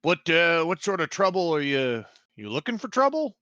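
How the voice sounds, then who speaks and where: A man's voice: fairly high pitch, big pitch swings, sharp tone, dry recording, highs cut off, pitched above the performer's own voice. A man doing a cautious mining village chief. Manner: hesitant, halting. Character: male mining village leader, cautious, hospitable.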